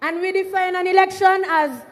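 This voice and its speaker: A young woman speaking at a political rally. She stirs up the audience with call-and-response, then gives a deliberate, formal address. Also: very high-pitched, steady tone, long reverb tail, some chatter behind. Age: young adult.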